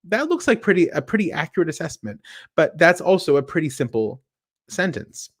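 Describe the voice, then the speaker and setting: A man giving a technical talk in an animated, explaining manner, his pitch rising and falling freely as he steps through one example after another. He poses questions to the listeners and answers them himself. His voice sounds close and dry, with no room around it. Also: a little fast, husky, dry recording. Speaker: speaker at a tech meetup.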